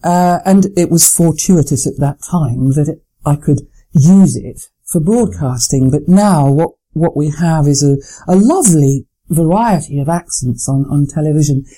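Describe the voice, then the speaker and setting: A middle-aged English woman answers interview questions in a measured, articulate way. Her voice is very dark and mellow. She pauses and restarts now and then while collecting her thoughts. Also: low-pitched, lively intonation, rough recording. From Lancashire, England. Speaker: former continuity announcer, guest.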